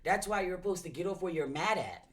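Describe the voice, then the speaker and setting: A woman's voice: on the low side, lively intonation, fast. Blunt, profane woman reacting on stream. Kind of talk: casual reaction chat.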